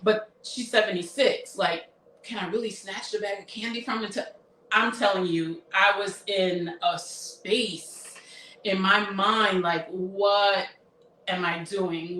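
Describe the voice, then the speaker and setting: A woman in her fifties, a therapist, telling a personal story in an emotional, reflective way, pausing and restarting as she speaks. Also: medium pitch, a bit bright. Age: 50s. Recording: roomy echo, somewhat far from mic, faint noise.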